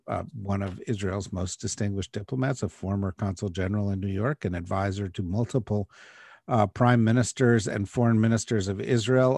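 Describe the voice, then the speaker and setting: A man hosting a podcast interview, introducing guests with many halting fillers. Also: on the low side, no echo. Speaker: podcast host. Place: New York City.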